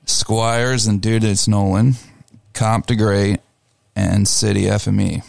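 A young man co-hosting a radio show, talking in a relaxed, laid-back way. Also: lowish voice, slow pace, gravelly, no echo, clean studio sound. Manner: relaxed, laid-back, talks through lineups. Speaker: radio co-host and show promoter. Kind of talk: casual radio chat.

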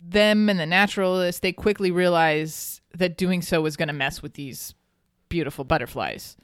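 A woman's voice: lowish voice, moderate pace, clean tone, no echo, clean studio sound. A woman hosting a podcast, telling a local history story in a chatty, casual way and laughing often. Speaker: podcast host.

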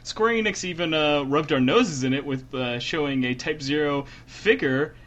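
A man's voice: fairly high pitch, normal speed, fairly bright tone, lo-fi sound. A man co-hosting a podcast in casual chat, riffing with jokey, exaggerated bits. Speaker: podcast co-host.

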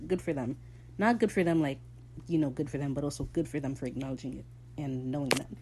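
A young woman giving a casual, excitable episode recap, swearing freely and laughing often. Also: a bass voice, quick pace, noisy background. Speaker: show recap host.

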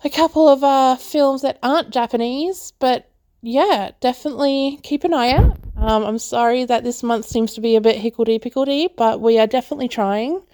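A woman with a fairly high voice talks through a film review in an easy, chatty podcast manner. She keeps dropping "like" fillers and laughing between thoughts. Her voice is recorded close up and dry, with almost no room sound. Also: normal speed, dark tone, no room sound. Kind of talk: casual movie review chat.

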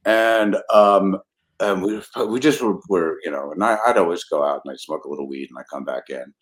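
A man's voice: low voice, a little fast. An older man, a comedy writer, casually telling anecdotes, laughing often and acting out quotes. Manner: animated storyteller, laughs often, acts out quotes.

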